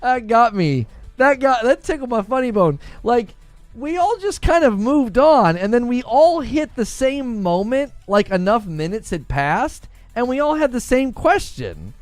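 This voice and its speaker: A man's voice: extremely high pitch, big pitch swings, unhurried, no room sound. A man hosting a gaming livestream in a casual, chatty way, laughing often and talking to his viewers. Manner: laughs often, talks to chat.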